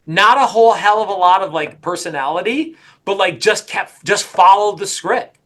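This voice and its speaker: A middle-aged man leads a sales coaching session in an energetic, emphatic way, hammering his points home by repeating them. His voice is bright and forceful and sits a bit high. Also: normal speed.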